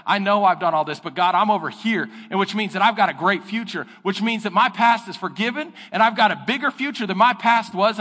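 A man preaching a sermon as pastor, lively and animated, breaking into high voices when he quotes people and God. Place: church sanctuary. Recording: church hall with long reverb.

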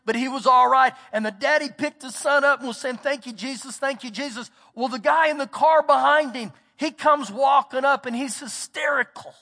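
A man's voice: extremely high pitch, normal speed, gravelly, hardly any pauses, sharp tone. A man, a pastor preaching an emphatic sermon and telling a story, repeating words for stress. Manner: storytelling, acts out quotes. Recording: long reverb of a church hall.

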